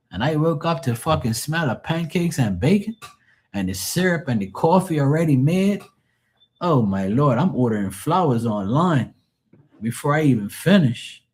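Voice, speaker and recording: A man reading tarot on a live stream, telling blunt, profane stories in casual chat and mocking the people he quotes. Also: a little high. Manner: animated, mocking quoted voices.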